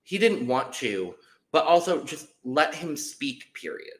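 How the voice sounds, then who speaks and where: A man's voice: fairly high pitch, sing-song, measured pace, a little hiss or hum. A man co-hosting a casual reality-TV recap podcast over a video call. He speaks bluntly and firmly and swears casually. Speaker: podcast co-host.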